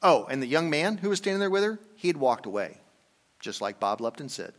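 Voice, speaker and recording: An older man preaching a conversational sermon, telling a story and dropping into quiet asides. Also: on the high side, sing-song, a little fast. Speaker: pastor. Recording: long reverb from a hall.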